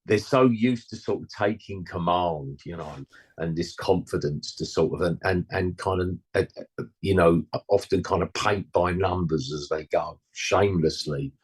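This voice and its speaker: A man's voice: deep voice, moderate pace, slightly rough. A man in his sixties, a musician guest, rambling and blunt in casual interview chat, full of "you know" and slangy asides.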